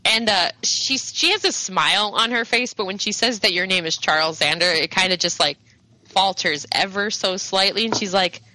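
A woman's voice: medium pitch, moderate pace, sharp tone, low-quality recording. A woman narrating a tabletop game as game master, rambling with many fillers.

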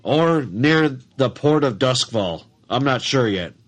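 A man doing a grandiose, excitable sailor. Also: mid-range voice, slow pace. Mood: boastful. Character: boastful excitable male sailor captain.

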